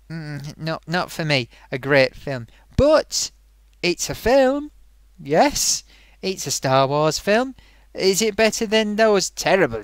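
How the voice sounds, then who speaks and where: Film review rant, sarcastic, rambling, lively swooping pitch, dry close sound. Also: clear, resonant tone, dry recording. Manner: frequent fillers and amused laughs. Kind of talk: ranting spoken review.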